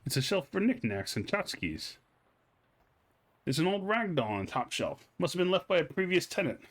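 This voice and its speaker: A man playing a video game, reading its text aloud with amused, animated commentary. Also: a little high, moderate pace. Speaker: gamer playing a game on stream. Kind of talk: let's play commentary.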